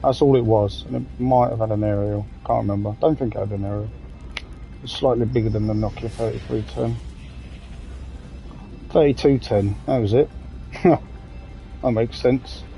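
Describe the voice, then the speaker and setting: Gravelly English man streaming a game. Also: medium pitch, steady tone, normal speed, long pauses, warm tone, soft background music, low-quality recording. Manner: rambling, jokey, swears casually. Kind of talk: casual gaming commentary.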